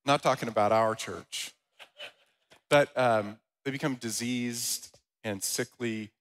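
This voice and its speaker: Guy pastor preaching a sermon, middle pitch, lively storytelling, reads scripture out loud. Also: slow pace, poor audio. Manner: animated storytelling with loud, rising quoted voices; reads scripture aloud in a steady voice.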